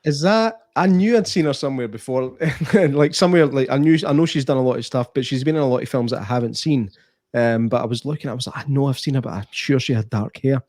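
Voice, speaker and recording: A man's voice: medium pitch, fast, darkish tone, no echo, studio quality. A Scottish man co-hosting a podcast, chatting enthusiastically and rambling about films, laughing often. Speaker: podcast co-host. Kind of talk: casual film review chat.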